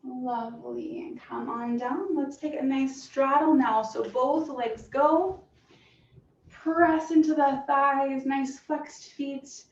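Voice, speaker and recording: A woman fitness instructor calmly cueing a stretching class with encouraging guidance. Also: sits high, slow. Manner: calm, encouraging cueing with soft breathy asides. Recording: roomy, distant, dull sound with faint hiss.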